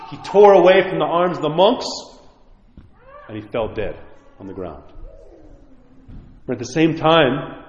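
A man's voice: medium pitch, darkish tone. A man preaching a sermon as a priest, earnest and emphatic as he exhorts and tells a story. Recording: echoey hall, dull lo-fi sound.

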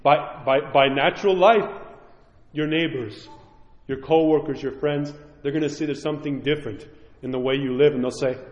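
A man's voice: medium pitch, fairly even intonation, moderate pace, a little mellow, roomy sound, long reverb tail, dull audio. A middle-aged man preaching a sermon as a priest, impassioned and pleading, acting out the voices he quotes.

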